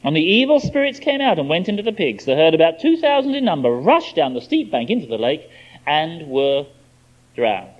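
A male preacher delivering an expository sermon with lively, animated intonation. His voice sits a little high, and he drives his points home with emphasis. The recording sounds dull and lo-fi. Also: normal speed.

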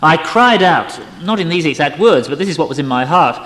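A man giving an expressive, emotional dramatic reading of a spiritual memoir, his loudness swinging widely. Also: on the high side, fairly quick, hardly any pauses. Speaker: reader. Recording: long hall reverb.

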